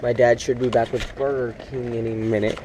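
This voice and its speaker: Huddled in a small tent during heavy rain, a man films a casual vlog on a camera set on a tripod, rambling with plenty of fillers and talking to his dog. His voice is medium-pitched, level in tone, mellow and fairly quick. The recording is rough, with a little hiss or hum.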